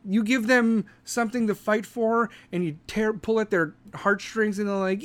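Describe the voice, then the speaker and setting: A man's voice: high voice, sing-song, normal speed, hardly any pauses. A middle-aged man, a veteran host, ranting angrily with sarcasm and heavy swearing. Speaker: podcast host and military veteran. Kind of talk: profane political rant.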